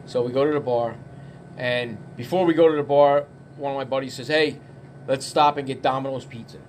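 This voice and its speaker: A middle-aged man at a bar telling a casual story in an animated, profane way, acting out the quotes. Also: mid-range voice, fairly quick, slight background noise.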